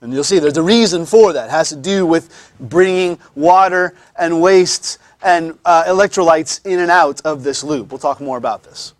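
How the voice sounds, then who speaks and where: Chatty high-voiced male teacher. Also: no room sound. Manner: conversational, repeats words, frequent pauses to explain. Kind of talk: classroom lecture. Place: classroom.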